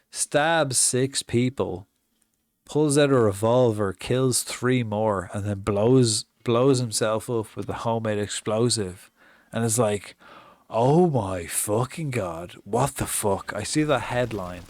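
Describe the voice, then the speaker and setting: A man's voice: mid-range voice, takes it slowly, no room sound. An Irish man chatting casually on a live gaming stream, swearing often and telling stories with mock-acted reactions. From Ireland. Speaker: game streamer.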